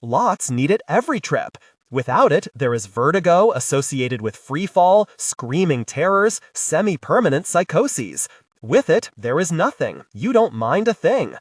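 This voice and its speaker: A man narrating a hardboiled sci-fi audiobook in the first person, wisecracking and expressive. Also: on the high side, unhurried, dry recording, studio quality.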